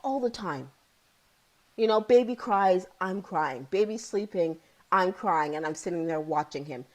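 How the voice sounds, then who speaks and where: A woman's voice: fairly low pitch, expressive, a little slow, low-quality recording. A woman in her thirties or forties, a psychotherapist guest, telling her own story candidly and with feeling, often repeating key phrases. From Ontario, Canada.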